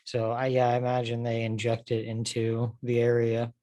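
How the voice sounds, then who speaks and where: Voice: medium pitch, completely flat delivery, normal speed, warm tone, no echo. A podcast co-host in casual chat, thinking aloud with "um" and "like" and reading search results out.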